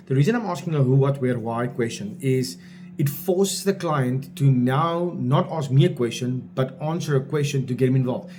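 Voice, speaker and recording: A man's voice: mid-range voice, moderate pace, mellow. Blunt, emphatic male sales coach. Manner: emphatic, blunt and informal, drives points home with repetition. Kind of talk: direct-to-camera coaching talk.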